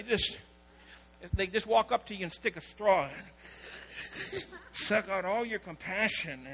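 A man preaches a sermon, his voice pitched very high and bright. He tells stories and acts out the people in them. A faint electrical hum sits under the recording. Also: slow pace, long pauses, breathy edge, rough recording. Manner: storytelling preacher, acting out quoted voices. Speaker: pastor.

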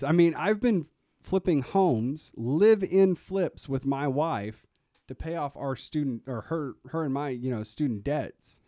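Man, somewhat high voice, earnest, restarts a lot and laughs, casual podcast chat, dry sound. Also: mellow, dry recording. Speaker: podcast co-host.

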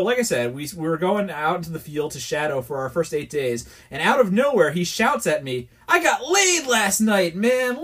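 A New York man who hosts a podcast tells a rambling, exasperated story in a candid, casual way. His voice sits on the high side and is a bit bright.

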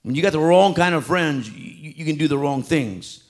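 A man preaching a sermon in a church, animated and acting out street talk. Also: a little high, moderate pace.

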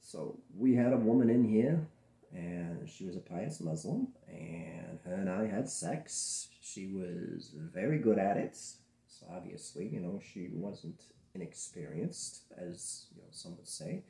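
A man producing adult films, speaking bluntly and profanely in a candid interview, telling animated stories from his own studio. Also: low-pitched, measured pace, creaky. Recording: roomy echo.

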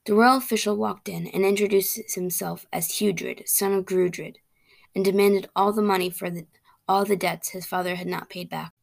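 A woman reading a fairy tale aloud as a storyteller, plain and steady, with small slips and restarts. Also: medium pitch, normal speed, creaky.

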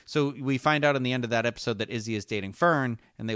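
A man co-hosting a casual fan podcast, talking in halting, rambling sentences full of restarts and fillers. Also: medium pitch, fairly bright tone, clean tone, no room sound, clean studio sound. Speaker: podcast co-host.

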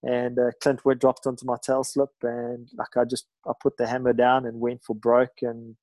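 Flat-voiced man telling a story. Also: medium pitch, normal speed, dry recording, rough recording. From South Africa. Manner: rambling, many fillers and restarts. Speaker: guest, ocean ski paddler. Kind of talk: casual storytelling.

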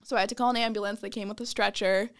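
Racing through her story, a young woman with a medium-pitched, clean-toned voice speaks in a casual, animated manner. She laughs frequently and performs what others said.

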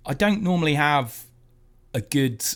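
A man appearing as a podcast guest, speaking in a measured, storytelling way. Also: fairly high pitch, animated. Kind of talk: casual podcast conversation.

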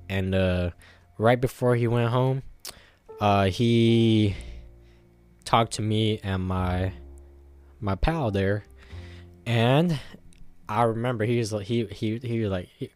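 A man's voice: on the low side, darkish tone. A man telling a casual, rambling story to the camera, full of fillers and swearing.

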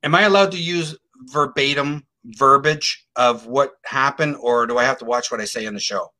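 At a normal pace and medium pitch, a middle-aged man being interviewed tells a case story. His delivery is casual, animated and emphatic, and he performs the words of the other people involved.

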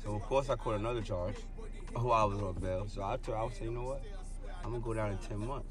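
A man from City, a guest telling animated, slangy stories in an interview. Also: on the low side, quick pace, over music. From Jersey City, New Jersey. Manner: animated, slangy storytelling with acted-out quotes. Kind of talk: storytelling interview.

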